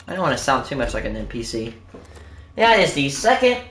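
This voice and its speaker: Hyped streamer talking to chat like a game show host; animated delivery, echoey room sound. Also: mid-range voice, brisk, slight background noise. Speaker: live streamer. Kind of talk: casual live-stream commentary.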